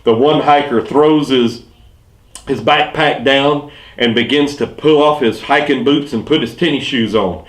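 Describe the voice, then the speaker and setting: Southern US male pastor doing a light joke set, mid-pitched, quick delivery that drops low on punchlines, roomy echo. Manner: quick-switching joke telling, punchlines dropped low and quiet. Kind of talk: telling clean jokes and puns. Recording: echoey room.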